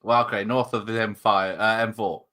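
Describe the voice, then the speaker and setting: Bright-voiced joking man. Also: on the low side, steady tone, moderate pace. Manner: joking, laughs often. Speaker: co-host of a movie watch-party stream. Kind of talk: casual chat.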